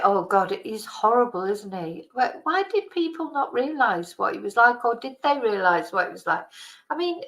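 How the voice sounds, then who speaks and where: A channel host with a high, slightly bright voice runs a casual chat, rambling and exclaiming in disgust as she reacts to old videos. She's chatty throughout, and the recording is rough.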